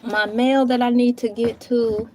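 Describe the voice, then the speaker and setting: Slow-talking, high-voiced woman streamer. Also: flat delivery, mellow, a little hiss or hum. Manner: chatty, talks to herself while searching and typing. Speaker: live streamer. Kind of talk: casual live-stream chat. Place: home, seated at a table.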